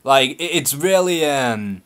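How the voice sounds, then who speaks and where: A man's voice: medium pitch, expressive, slow pace, a bit bright. A man from Liverpool with a Scouse accent, hosting a live-stream Q&A and speaking in a nervous, hesitant, unscripted way. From Liverpool, England. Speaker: YouTube channel host.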